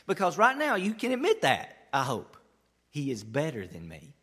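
A man preaching a sermon, his delivery swinging between loud, eager stretches and hushed, quiet lines. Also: a little high, huge pitch swings, normal speed, slightly rough, big-room sound. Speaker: pastor.

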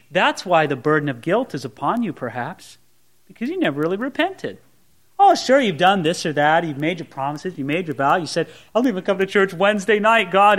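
A male pastor preaching a sermon, swinging from hushed, slow emphasis to loud outbursts and acting out a believer's inner voice. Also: high voice.

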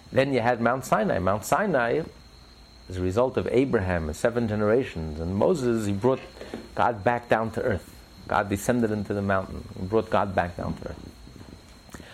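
A man teaching religious ideas in an interview, preacherly, rising sharply in pitch for emphasis and telling stories with acted voices. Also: lively intonation, moderate pace, vocal fry, a little hiss or hum, low-quality recording.

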